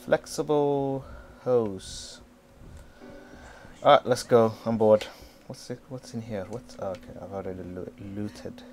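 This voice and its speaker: A man casually commenting on his gameplay, swearing and excitedly talking back to the characters on screen. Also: on the low side, normal speed, few pauses, faint music behind. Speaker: gamer playing through a game. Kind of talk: casual let's-play commentary.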